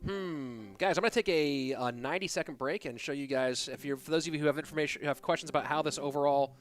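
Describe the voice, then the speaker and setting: A man's voice: on the high side, fast talker, soft background music. A man hosting an esports live stream, chatting in a laid-back, joking way. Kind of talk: casual live-stream commentary.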